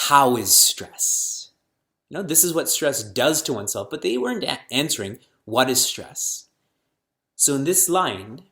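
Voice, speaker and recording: A middle-aged spiritual teacher lectures an audience on scripture, firing off rhetorical questions and slowly chanting verses. His voice is medium in pitch and a little bright.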